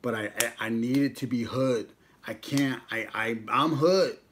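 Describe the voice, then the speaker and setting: A man's voice: mid-range voice, measured pace, a bit bright, slight background noise. A young man casually chatting with viewers on a live stream, joking around and reading out viewer names as he goes. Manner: joking, banters with chat, reads out viewer names. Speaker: mukbang vlogger on a livestream.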